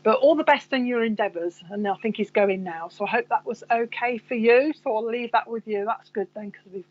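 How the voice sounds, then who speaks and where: A woman's voice: fairly high pitch, steady tone, fairly quick. Chatty Coventry woman on a lo-fi stream. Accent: Coventry English. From Coventry, England. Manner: chatty, rambling, talks to herself. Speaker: psychic medium host. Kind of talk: live-streamed reading and chat.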